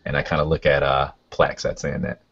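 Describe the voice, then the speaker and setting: A man playing a tabletop game, describing his character's actions with halting speech and many fillers, in a dull lo-fi recording. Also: rumbling low, monotone, vocal fry, a bit bright, husky. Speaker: player.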